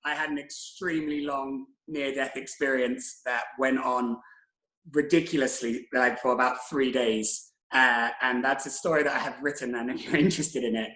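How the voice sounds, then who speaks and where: A young man telling travel stories as an interview guest on a video call, animated and self-mocking. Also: medium pitch. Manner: animated, self-mocking anecdotes with quoted exclamations. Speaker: interview guest, tour creator. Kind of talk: casual storytelling on a video call. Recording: roomy video call audio.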